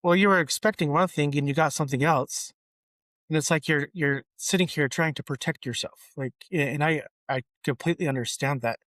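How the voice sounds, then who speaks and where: A man hosting a podcast interview, supportive and quick to laugh, often restarting his sentences. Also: a little high, a bit bright, no echo. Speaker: podcast host. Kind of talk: casual conversational interview.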